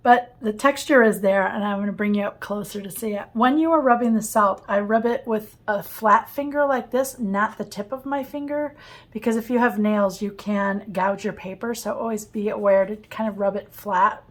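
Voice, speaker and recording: A woman teaching watercolor painting in a casual studio tutorial, enthusiastic and smiling as she talks, with soft laughs now and then. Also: mid-range voice, steady tone, moderate pace. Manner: warm, enthusiastic, often laughing softly. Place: home art studio.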